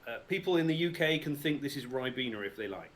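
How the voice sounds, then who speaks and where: A man's voice: medium pitch, lively intonation, fast. A middle-aged English man with a Received Pronunciation accent, chatting as a voice actor guest in a casual livestream interview from his mother's house, joking and laughing easily. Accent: British Received Pronunciation. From England.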